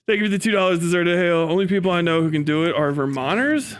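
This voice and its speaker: A high-pitched man holds a loose, profane live-stream rant, laughing between his jabs. His talk is casual and full of swearing, dropped straight into the mic. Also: quick pace, hardly any pauses, clean tone. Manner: profane, ranting, laughs often. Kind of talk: casual livestream chat.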